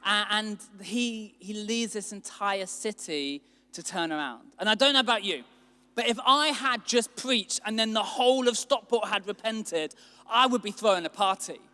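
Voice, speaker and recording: A man preaching a sermon as a pastor, animated and acting out quotes with sudden bursts of loudness. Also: high voice, normal speed, clear, resonant tone. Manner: animated, acts out quotes with big swings in loudness. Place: church hall. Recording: long hall reverb.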